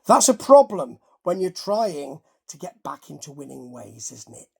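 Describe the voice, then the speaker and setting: A man's voice: on the high side, sing-song, measured pace, gravelly, a little mellow, husky. A man hosting a casual boxing chat, rambling and correcting himself as he goes. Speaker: host.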